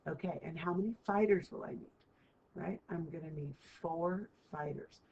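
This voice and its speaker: This math lesson comes from a woman teacher whose fairly low voice carries vocal fry at a moderate pace. Chatty, she checks in with students frequently using "right?", on a muffled lo-fi recording with faint hiss.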